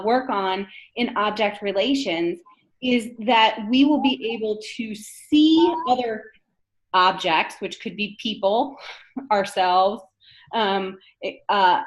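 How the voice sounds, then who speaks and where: A woman lecturing a class in a conversational way, often checking in with the room by asking "right?". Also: a little high. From northern United States. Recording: dull lo-fi lecture recording.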